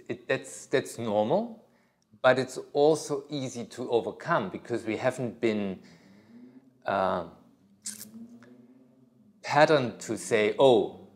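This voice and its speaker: A middle-aged man, a yoga teacher, talking casually at a studio workshop, rambling with many fillers and restarts. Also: medium pitch.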